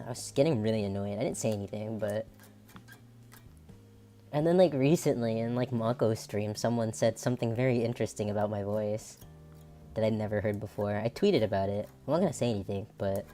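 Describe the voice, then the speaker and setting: Very deep nasal androgynous woman. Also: dark tone. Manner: chatty and rambling, laughing often. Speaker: streamer. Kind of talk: casual chat.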